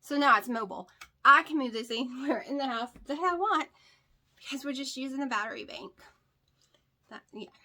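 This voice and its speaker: High-pitched and sharp, a woman with a rural country American accent talks briskly with frequent pauses. She's a keto weight-loss vlogger speaking bluntly and candidly to a tripod camera with a light at home indoors, repeating points for emphasis in a casual vlog.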